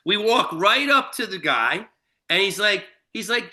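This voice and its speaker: A man's voice: high voice, expressive, measured pace, pushed and bright. A man telling a long, profane anecdote in casual chat, full of fillers and restarts. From Shelter Island, New York. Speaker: guest storyteller. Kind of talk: casual storytelling.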